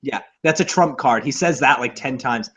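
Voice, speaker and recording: A man's voice: mid-range voice, moderate pace, husky. A man co-hosting a casual movie podcast, laughing often and swearing as he riffs on films. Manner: animated, laughing, swears, does mocking quoted voices. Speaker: podcast co-host. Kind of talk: casual chat about movies.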